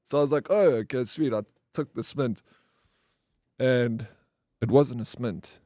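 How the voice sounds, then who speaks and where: A man's voice: mid-range voice, a little slow, dry recording, clean studio sound. A man chatting on a live game stream, telling stories casually with slang and swearing, acting out the people in them. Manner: animated storyteller acting out quoted people.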